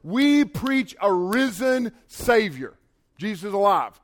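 A middle-aged man, preaching an animated sermon to a conference crowd, mixing casual asides with shouted dramatic lines. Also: high voice, takes it slowly.

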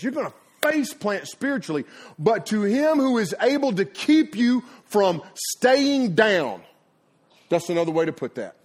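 Lively high-voiced preacher. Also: male voice, husky. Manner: folksy, animated, laughs at his own stories, acts out sounds. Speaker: pastor. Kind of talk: energetic sermon storytelling. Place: church before a congregation.

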